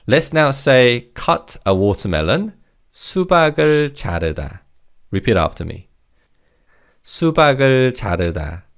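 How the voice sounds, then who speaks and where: A man teaching a language lesson, encouraging and repeating each word slowly for learners. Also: medium pitch, sing-song.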